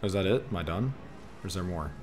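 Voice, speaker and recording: A man playing a photo game and giving casual commentary, talking excitedly to the creatures on screen. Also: deep voice, fast talker. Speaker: gaming streamer. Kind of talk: casual let's-play commentary. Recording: faint game music behind. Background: faint game music.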